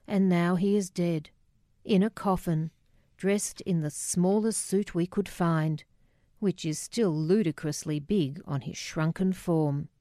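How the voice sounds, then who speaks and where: Middle-aged woman narrating her memoir, slow and low, dry close sound, quiet emotion underneath. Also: no room sound. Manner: measured, quietly emotional storytelling with dialogue. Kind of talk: memoir reading.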